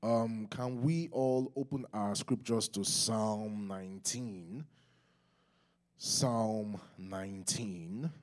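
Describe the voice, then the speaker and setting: A male pastor with a Nigerian accent preaching a sermon and calling on the congregation to respond aloud. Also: very slow. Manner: rises higher and louder when teaching.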